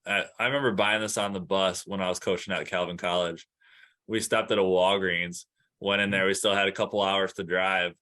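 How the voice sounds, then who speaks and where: A man with a fairly low, bright and forward voice chats easily on a podcast. He rambles through stories with lots of "um" and "like", in an easygoing way. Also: brisk. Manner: relaxed storyteller with fillers. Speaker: podcast host. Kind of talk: casual chat.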